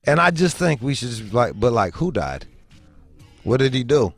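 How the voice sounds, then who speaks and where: A man's voice: medium pitch, normal speed, gravelly, soft background music. A young man hosting a show, telling a story as a profane comedic rant and acting out the voices he quotes. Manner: animated storytelling, acts out quoted voices, swears heavily. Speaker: host.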